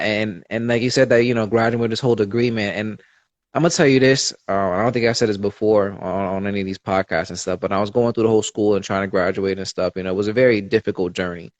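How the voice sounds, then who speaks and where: As a guest on a podcast, a man with a lowish voice chats casually, sharing personal stories in an earnest, open manner full of fillers. The audio is lo-fi with no room sound.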